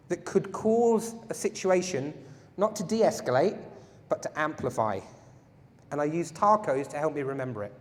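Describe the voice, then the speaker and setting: A man teaching a live self-defense class, his voice a bit high for a man. He jokes with the group and keeps quizzing them. The sound rings through a large hall with a long reverb. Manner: playful, jokey, asks the audience questions. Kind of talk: live workshop lecture to a group. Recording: echoey hall.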